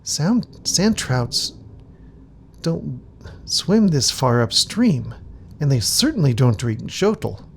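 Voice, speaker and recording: A man voicing an earnest village shaman who speaks in slow, solemn pronouncements, with a gravelly voice. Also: mid-range voice, very animated, a little hiss or hum. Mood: puzzled.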